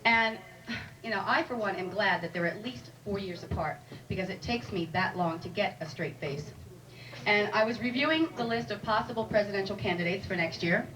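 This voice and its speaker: A woman performs stand-up in a club, chatty and wry as she teases the audience, her medium-pitched voice a little fast and a bit bright. It's a live room recording from a distant mic, with audible noise.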